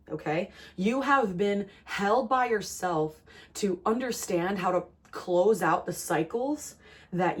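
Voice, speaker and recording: A young adult woman from New Jersey giving a channeled tarot reading, earnest and rambling, with many fillers and restarts. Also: mid-range voice. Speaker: tarot reader.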